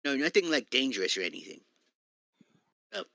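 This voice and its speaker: A man at a tabletop game speaks softly in a bright, forward voice. His words come across close and dry, and he reasons through each move in a casual way. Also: medium pitch, very animated, a little fast, no room sound. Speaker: player. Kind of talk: casual tabletop role-play.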